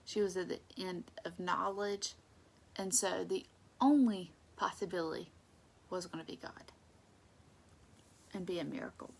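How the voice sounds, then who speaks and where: A woman leading a casual Bible study, conversational and emphatic, sometimes dropping into soft asides. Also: lowish voice, a little slow, creaky, long pauses.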